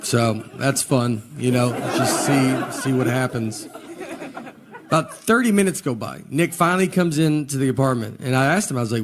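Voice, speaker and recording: A man performing a stand-up comedy set, telling stories in a slow deadpan way with hesitant pauses. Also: medium pitch, crowd noise. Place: live comedy venue with audience. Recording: live show with audience laughter and background noise.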